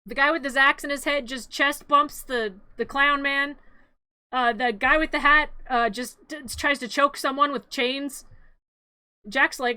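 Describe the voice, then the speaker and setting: Bright, high-voiced, giggly woman streamer. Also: steady tone, moderate pace, clean tone, no room sound. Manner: giggly, rambling, jokey, with many restarts. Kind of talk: playful live-stream narration.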